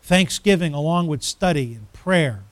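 A man's voice: on the high side, expressive, moderate pace, no room sound. A man preaching a sermon as pastor, emphatic, building through repeated phrases.

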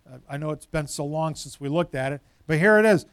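A man, a pastor, preaching a sermon forcefully, building up loud and then dropping into quiet asides. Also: fairly high pitch, brisk, smooth, dry recording, studio quality.

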